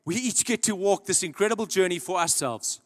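Guy preaching in a church, high-ish voice, goes quiet then punchy, long echo. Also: fairly quick. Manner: earnest storytelling, swings from loud emphasis to hushed. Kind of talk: sermon. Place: large church hall. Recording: long church-hall reverb.

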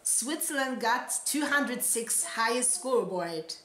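A woman with German as her first language, reacting live and excitedly, often laughing and gushing. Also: fairly high pitch, measured pace. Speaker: reaction vlogger. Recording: echoey room with broadcast crowd behind. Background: crowd from broadcast playing.

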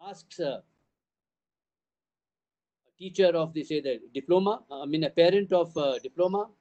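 The recording has a lo-fi sound: an older man with an Indian English accent, voice on the high side and mellow, at normal speed. As a school trust's chief addressing parents at a town hall, he drives his points home emphatically through repetition and rhetorical questions.

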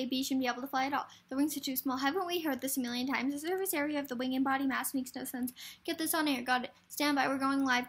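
A woman reading a film script aloud for a variety show, hurrying through with stumbles and restarts. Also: high voice.

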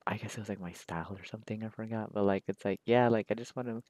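Chatting while he draws on camera, this man keeps things slangy, profane, and laid-back as he rambles. His voice is on the low side and darkish, with fairly even intonation and a quick pace, and there's no room sound.

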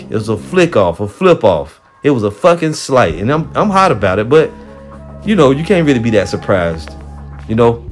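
Angry male religious teacher, mid-pitched, rebuking with constant swearing, soft music under him. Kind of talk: heated profane sermon.

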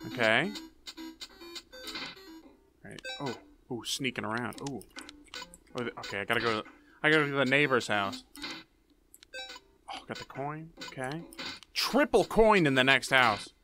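A man's voice: mid-range voice, lively intonation, moderate pace, long pauses, over music. A young man giving goofy, jumpy commentary while playing a horror game, muttering to himself and then yelping. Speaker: gaming YouTuber.

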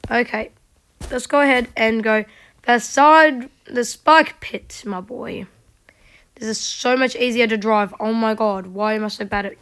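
A woman giving casual gameplay commentary, chatting to herself and mocking herself in quiet whispered asides. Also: a little high, moderate pace. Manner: chatty, talks to herself while playing. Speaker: gaming video creator.

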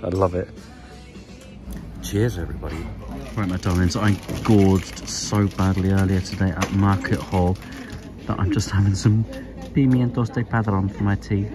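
A man's voice: sits low, fairly even intonation, normal speed, long pauses, over music. A man hosting a casual travel vlog, chatty and enthusiastic, often dropping to a whisper. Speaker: travel vlogger. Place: walking outdoors and aboard a moored ship.

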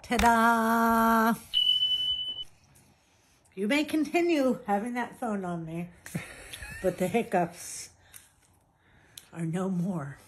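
Casting note: playful woman in a silly home skit, unhurried delivery, faint noise behind. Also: medium pitch, darkish tone. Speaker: patient in comedy skit.

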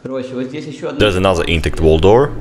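A man vlogging as he explores cold flooded underground tunnels, talking in a low hushed voice. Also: big pitch swings, takes it slowly, big-room sound. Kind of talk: casual on-camera exploring commentary.

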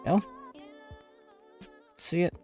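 A man's voice: drawn-out words, warm tone, soft background music. A man playing a police officer in a voice chat role-play, giving orders in an exasperated, firm way. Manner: exasperated, firm, bossy commands. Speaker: police officer player, channel host.

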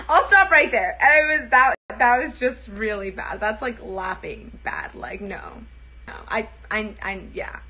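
A woman's voice: mid-range voice, a little slow, sharp tone, a little hiss or hum. A young woman livestreaming casually, chatty, giggly and self-deprecating.

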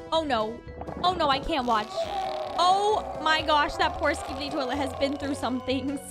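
A young woman reacts to a video in a very high, bouncy voice, exclaiming and gasping between her comments. Her pitch leaps all over the place, and loud music plays behind her throughout. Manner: exclaims, gasps and laughs often.

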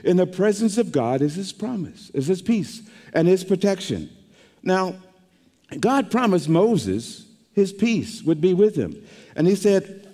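A man's voice: high-pitched, big pitch swings, a little slow, mellow. A male pastor preaching a sermon with emphasis, often repeating words as he builds each point. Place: church sanctuary. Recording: long reverb of a church hall.

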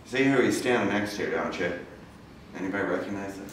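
A man with a fairly low voice speaks to a live audience in a casual storytelling style, slipping into quoted voices as he recounts events. He sounds distant from the microphone in a very echoey lecture room with faint background noise. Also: lively intonation, brisk, fairly bright tone. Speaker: guest speaker. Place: large campus lecture room.

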